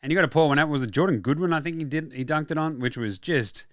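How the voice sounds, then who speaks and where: An Australian man hosting a basketball show, talking casually and excitedly with frequent swearing and quick asides. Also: a little high, no room sound, studio quality. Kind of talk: casual sports talk.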